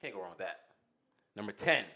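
A man co-hosting a sports podcast, talking in a relaxed, casual way. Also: fairly low pitch, a little fast. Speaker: podcast co-host.

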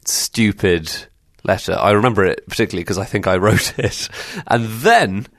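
A man's voice: on the low side, moderate pace, no room sound. A man presenting a podcast, introducing topics with wry, dry understatement in a conversational way.

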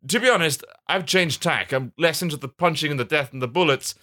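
A man putting on a smug, boastful male comic-book villain's voice, loud and sneering, in a comedy podcast. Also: on the high side, brisk, pitched above the performer's own voice. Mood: gloating. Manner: loud, gloating, sneering threats.

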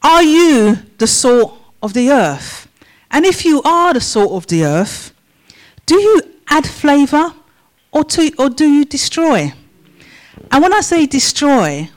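A woman's voice: sits high, poor audio. A woman preaching a sermon in church, asking the congregation a run of questions. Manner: slow, measured questions to the congregation.

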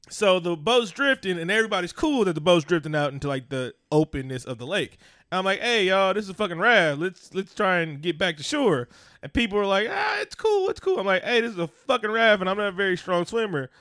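A man's voice: high voice, pushed and bright, no echo, clean studio sound. A man co-hosting a podcast in casual chat, telling stories animatedly, swearing freely and acting out what others said. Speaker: podcast co-host.

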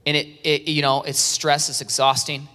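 A man preaching an animated sermon, acting out worried churchgoers in a high, strained voice. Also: moderate pace. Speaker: pastor. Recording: reverberant hall sound.

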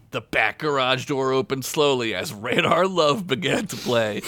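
A man's voice: mid-range voice, moderate pace, hardly any pauses, bright, forceful tone, slight background noise. A man hosting a podcast, reading a comedy story aloud and laughing along. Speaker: podcast host.

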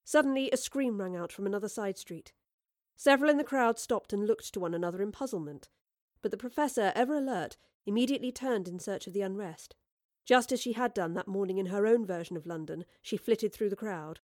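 A woman's voice: medium pitch, lively intonation, brisk, a little mellow, no room sound, clean studio sound. A woman narrating an audiobook, reading with expression and voicing the characters. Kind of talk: scripted narration.

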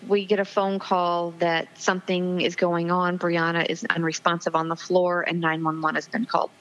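A woman's voice: lowish voice, level tone, normal speed. A woman in her forties, a guest in an interview, tells a personal story earnestly and with emotion, with frequent ums, over the phone. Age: 40s. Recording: dull lo-fi phone audio.

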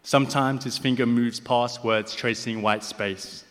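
A deaf man performing spoken word poetry on stage, with slightly slurred speech, moving between rhythmic recitation and soft, hesitant asides to the audience. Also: mid-range voice, steady tone, measured pace. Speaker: poet performing. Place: large hall on stage. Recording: live hall reverb.

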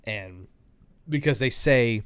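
A man's voice: medium pitch, expressive, slow pace, clear, resonant tone, dry recording. A man co-hosting a podcast, chatting casually and thinking aloud with fillers. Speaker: podcast co-host. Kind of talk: casual chat.

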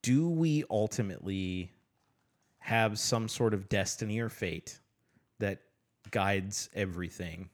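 A man co-hosting a casual book podcast, asking relaxed questions with lots of fillers. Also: fairly low pitch, slow. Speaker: podcast co-host.

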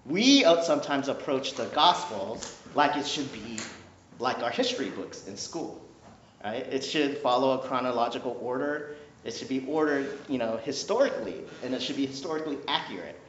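A man's voice: medium pitch, moderate pace, a little hiss or hum. Male pastor, conversational sermon, playful, roomy echo, muffled audio. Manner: conversational, animated, keeps asking "right?"; playful, jokes with the congregation. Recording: echoey room, dull lo-fi sound.

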